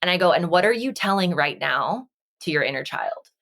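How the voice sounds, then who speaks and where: A woman's voice: lowish voice, animated, a little fast, vocal fry, fairly bright tone. A woman from Las Vegas, a podcast guest and energy healer, talking reflectively and earnestly in casual conversation over a video call. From Las Vegas, United States. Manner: reflective, earnest, acts out quoted dialogue.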